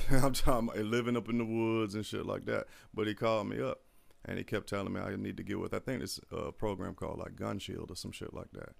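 Low gravelly man telling a story. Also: fairly quick. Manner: profane, animated storyteller who acts out quotes. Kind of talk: casual storytelling chat.

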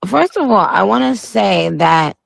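Playful slangy woman radio host, gravelly. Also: medium pitch, animated, unhurried, no room sound. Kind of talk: casual radio interview.

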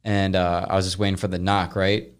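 A man's voice: low voice, fairly quick, clean tone. Rambling young man telling a story. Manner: rambling, animated, swears casually. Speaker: podcast host. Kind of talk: casual storytelling chat.

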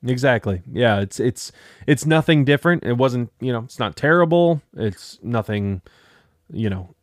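A young man hosts a casual podcast chat, rambling through his points with many restarts and fillers. His voice sits at a middle pitch. The sound is dry and close, with no room echo. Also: animated, moderate pace. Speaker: podcast host.

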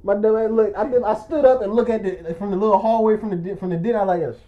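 A man's voice: sits high, fairly even intonation, quick pace. Young man telling a rambling story. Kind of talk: casual chat. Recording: muffled lo-fi recording.

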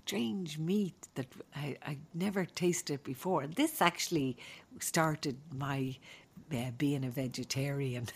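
Irish woman, low voice, chatty and laughing a lot as she tells old family stories. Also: slightly rough. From Ireland. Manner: animated, laughing often, quick asides. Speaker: podcast host. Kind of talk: casual storytelling.

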